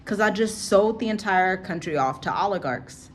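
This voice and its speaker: A woman giving casual commentary to her viewers, animated, repeating herself for emphasis. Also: mid-range voice, normal speed, a little hiss or hum. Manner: animated, repetitive, talks straight to viewers. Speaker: vlogger. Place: abroad, home setting.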